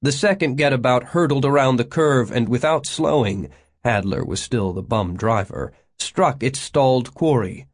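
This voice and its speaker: Male audiobook narrator, steady measured reading, mid pitch.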